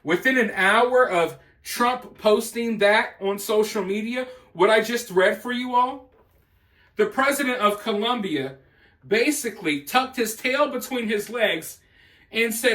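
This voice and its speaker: A man's voice: sits high, measured pace, sharp tone, reverberant, distant mic. A man giving emphatic, mocking political commentary. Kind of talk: opinion commentary.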